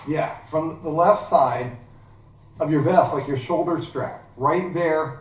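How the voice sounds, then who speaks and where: A man's voice: on the high side, slow. Rambling Midwestern man in echoey room. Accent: Midwestern American. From Ohio, US Midwest. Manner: rambling, digressive, chatty with many fillers. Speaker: gear how-to vlogger. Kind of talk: casual how-to demonstration. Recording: very echoey room, voice far from mic.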